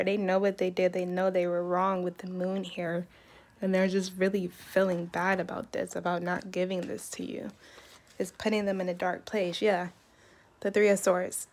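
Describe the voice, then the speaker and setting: A woman giving a casual, chatty tarot reading, emphatic and animated as she talks through the cards. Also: lowish voice, moderate pace. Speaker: tarot reader.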